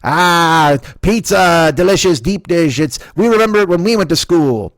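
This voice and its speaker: A man voicing a coy, cryptic pizza restaurant's social media account, teasing and evasive in a drawn-out sing-song. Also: on the high side, lively intonation, dry recording.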